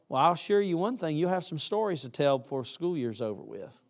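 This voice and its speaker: A man's voice: on the high side, sing-song, a little fast. A man preaching a chapel sermon to college students in a folksy, emphatic way, acting out what students say.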